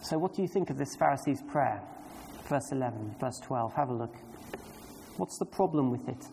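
A man's voice: mid-range voice, animated, moderate pace, vocal fry, darkish tone. Male preacher, emphatic, questioning delivery; long hall reverb, faint room noise. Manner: emphatic, asks the congregation questions. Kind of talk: sermon.

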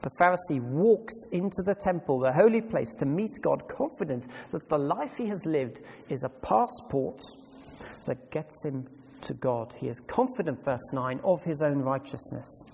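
A man's voice: on the high side, lively intonation, normal speed, vocal fry, a little mellow, slight background noise. A man preaching a sermon with emphasis, putting questions to his congregation. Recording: long reverb hall, faint ambience.

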